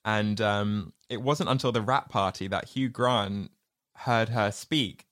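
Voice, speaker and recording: A man's voice: lowish voice, slow, fairly bright tone. A man co-hosting a podcast in casual chat, telling film trivia with a giggly, storytelling manner. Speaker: podcast co-host.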